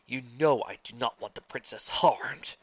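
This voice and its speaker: A haughty, raging villain prince, as a man acts him out in a story reading. He bellows commands in a bright, raised voice. The recording is dull and lo-fi. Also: medium pitch, normal speed. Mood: furious. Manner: imperious, shouting orders. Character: arrogant young male villain prince.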